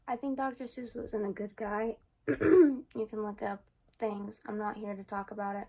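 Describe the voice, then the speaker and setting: A young woman chats to her camera in a loose, rambling way. Her voice sits a little high, and she drifts between musing and exasperation. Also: normal speed, gravelly, dark tone. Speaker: vlogger. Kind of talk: casual personal vlog.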